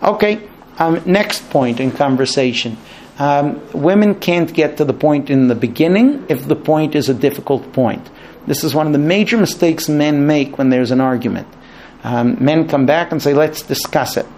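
A man with a somewhat high voice lectures a room on marriage and talking. He acts out both partners in short exchanges, switching voices as he goes. A faint hum of noise sits under the recording. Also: normal speed. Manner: animated, acts out both sides of dialogues. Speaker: marriage class teacher. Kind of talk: lecture to a class.

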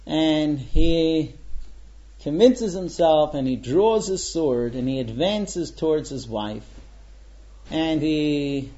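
Man, religious teacher, animated storytelling, mellow voice, dull lo-fi sound. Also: fairly high pitch. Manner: animated storytelling with dramatic quotes. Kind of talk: storytelling lesson.

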